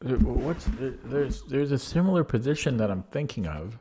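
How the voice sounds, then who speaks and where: A man's voice: medium pitch, lively intonation, moderate pace, background noise. A man commentating his own online chess games casually, thinking aloud with many fillers and restarts, his voice getting worn out. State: losing his voice. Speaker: chess streamer.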